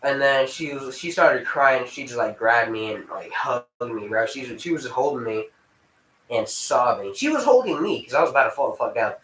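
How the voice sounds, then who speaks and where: A man's voice: medium pitch, lively intonation, normal speed, fairly bright tone, recorded from a distance, slight background noise. A young man telling a rambling personal story in casual vlog style, swearing freely and breaking off to scold his dog. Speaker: vlogger. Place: room at home with dogs. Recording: echoey room.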